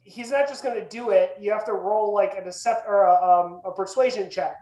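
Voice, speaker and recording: A woman's voice: medium pitch, fairly quick, warm tone. A woman co-hosting a casual podcast, explaining eagerly with many repeats and fillers. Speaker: podcast co-host and player. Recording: roomy echo.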